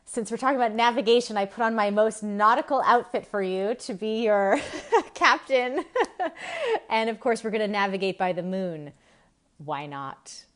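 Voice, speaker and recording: A woman's voice: mid-range voice, normal speed, a bit bright. A woman from Massachusetts in her forties, hosting a live stream on women's health, chatting and laughing as she greets viewers by name.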